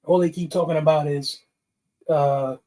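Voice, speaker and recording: A man's voice: fairly high pitch, fairly even intonation, a little slow, mellow. Man, livestream host, casual chat, greets viewers, fired up, laughs often.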